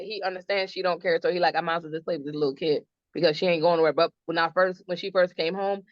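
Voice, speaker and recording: A woman's voice: fairly low pitch, no echo. A woman guest telling stories about her family in a casual podcast chat. She laughs often and acts out what others said. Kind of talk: casual storytelling interview. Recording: dull lo-fi dry sound.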